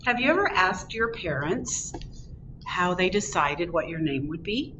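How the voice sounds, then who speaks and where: Slow, expressive woman reading a children's story. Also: fairly low pitch, noisy background. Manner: slow, expressive and gently animated. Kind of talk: children's storytime read-aloud.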